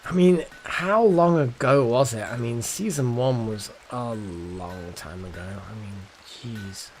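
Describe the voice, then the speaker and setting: Slow, musing male game streamer. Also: medium pitch, slight background noise. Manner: thinks aloud, muttering, wry asides. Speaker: gaming streamer. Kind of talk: live gameplay commentary.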